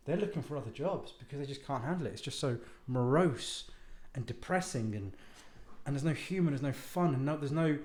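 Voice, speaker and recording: A man's voice: mid-range voice, darkish tone. A man talking casually to viewers at home, rambling off on tangents, mocking himself and swearing now and then. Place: home lounge. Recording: roomy echo.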